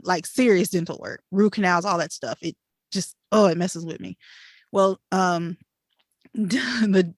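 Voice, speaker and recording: A woman co-hosting a podcast, telling a story in an animated, chatty way with laughs and fillers. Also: medium pitch, no room sound, clean studio sound. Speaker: podcast co-host. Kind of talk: casual storytelling chat.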